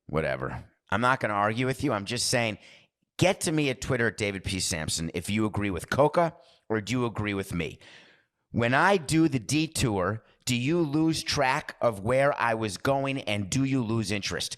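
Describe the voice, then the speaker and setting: A man's voice: mid-range voice, very animated, moderate pace, fairly bright tone. A man hosting a podcast, talking in a rambling, digressive monologue that keeps interrupting itself. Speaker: podcast host. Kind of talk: casual monologue.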